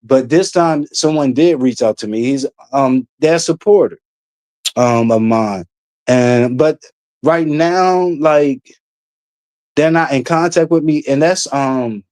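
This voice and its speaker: Young ny guy chatting on his stream, kinda high but mellow voice, rambly and cussing, dry close sound. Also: no echo. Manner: rambling, many fillers, blunt and profane. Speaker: livestream host. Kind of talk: casual livestream chat.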